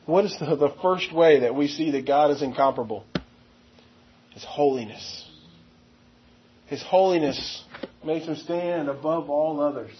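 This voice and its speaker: A man preaching a verse-by-verse sermon, stressing key words and slowing down to read scripture aloud. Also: fairly high pitch, lo-fi sound, a little hiss or hum. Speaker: pastor.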